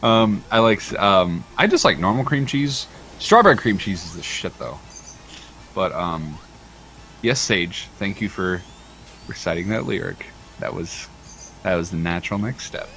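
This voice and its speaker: A lively man hosting a gaming stream, his voice bright and ringing and swinging widely up and down as he jokes, swears and laughs. He talks casually over the game, with a faint hiss of room noise behind him. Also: measured pace. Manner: animated, swearing, laughing, does squeaky impressions while retelling videos. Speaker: livestream host. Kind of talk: casual gaming livestream chat.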